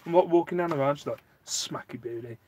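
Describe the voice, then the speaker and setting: A man's voice: on the high side, rapid-fire, a little hiss or hum. A man, hosting a casual live stream, rambling and answering viewer chat, getting worked up at times. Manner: rambling, animated, gets worked up.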